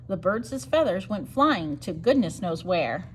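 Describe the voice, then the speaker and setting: A woman reading a rhyming picture book aloud for storytime, sing-song and expressive. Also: on the low side, a little slow, slight background noise. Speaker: storytime reader.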